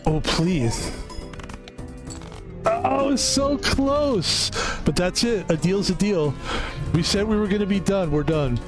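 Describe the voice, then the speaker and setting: A man's voice: high voice, moderate pace. A man streaming from home, rambling through a casual sign-off with music playing behind him. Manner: rambling, chatty, self-promoting. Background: background music.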